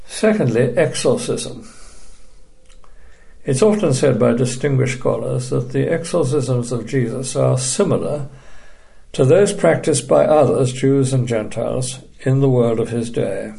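A man teaching a recorded Bible study lecture, measured and emphatic, dryly dismissive of opposing views. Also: mid-range voice, creaky, mellow.

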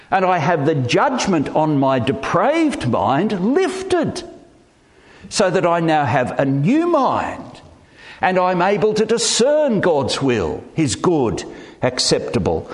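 Lively preacher in a reverberant hall. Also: male voice, on the high side. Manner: animated and emphatic, with self-deprecating humour. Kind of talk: sermon.

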